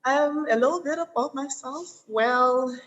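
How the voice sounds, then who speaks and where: A South African woman in her thirties, an attorney being interviewed, telling her background in a measured, detailed way with frequent ums. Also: high voice, fairly bright tone, lo-fi sound. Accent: South African English. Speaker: guest. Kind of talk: interview conversation.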